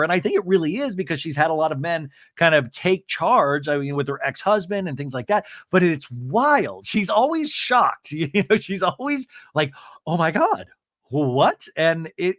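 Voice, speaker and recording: A man hosting a podcast, recapping a reality show in casual, animated chat with jokey asides. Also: on the high side, no echo, clean studio sound. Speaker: podcast host.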